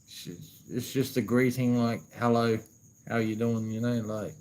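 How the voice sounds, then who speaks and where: A man's voice: medium pitch, steady tone, a little slow, a little mellow, rough recording. A man with an Australian accent chatting casually to camera in a laid-back way, swearing freely and saying "you know what I mean" a lot. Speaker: vlogger.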